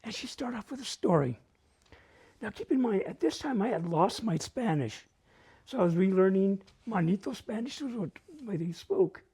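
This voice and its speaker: A man's voice: sits high, lively intonation, moderate pace, mellow, breathy edge. An older man telling self-mocking childhood stories at a library open mic, laughing as he goes. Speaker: storyteller. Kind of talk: open-mic personal storytelling. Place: library event room.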